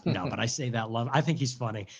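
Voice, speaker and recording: A man's voice: mid-range voice, quick pace, slight background noise. A man in casual livestream chat, joking and rambling with frequent laughter.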